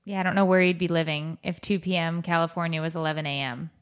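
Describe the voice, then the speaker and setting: A woman co-hosting a podcast, encouraging and teasing, quick to reassure her friend. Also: low-pitched, steady tone, smooth. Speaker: podcast co-host. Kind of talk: casual chat.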